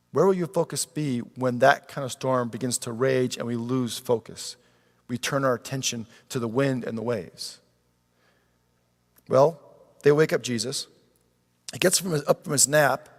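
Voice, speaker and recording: Brief: male pastor, sermon delivery, slightly high voice, lively, long hall reverb. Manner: animated, acts out quoted pleas with rising pitch.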